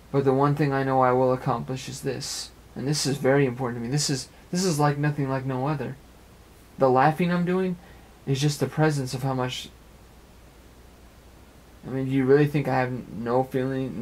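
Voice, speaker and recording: A young man talking at length in an earnest, rambling personal monologue, repeating phrases as he goes, recorded in an apartment. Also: mid-range voice. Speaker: amateur web radio speaker.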